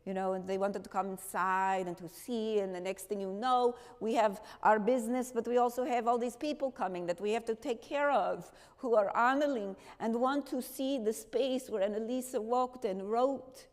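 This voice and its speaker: A woman's voice: fairly high pitch, normal speed, hardly any pauses, close to an everyday voice. A woman performing a theatrical monologue, playing a spirited woman who tells her story straight to an audience in a church, with the long reverb of the hall. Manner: animated, direct storytelling to an audience. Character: spirited woman recalling her wartime past. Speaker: stage actress in a one-woman show.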